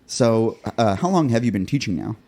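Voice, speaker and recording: A man hosting a podcast, asking questions in a relaxed, casual way and cursing now and then. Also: medium pitch, normal speed. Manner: relaxed, curses casually, frequent affirmations. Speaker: podcast host. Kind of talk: casual interview.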